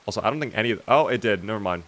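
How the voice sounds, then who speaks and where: Chatty male streamer, low voice. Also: expressive, rapid-fire, fairly bright tone. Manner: chatty, reads chat questions aloud and answers them. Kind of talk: casual gameplay commentary reading chat.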